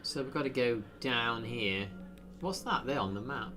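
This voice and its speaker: A man chats loosely through a live gameplay stream, drifting between thoughts with plenty of fillers and half-finished lines. His voice sits at an everyday pitch for a man. Faint music plays underneath. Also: moderate pace. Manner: rambling, self-deprecating, frequent fillers.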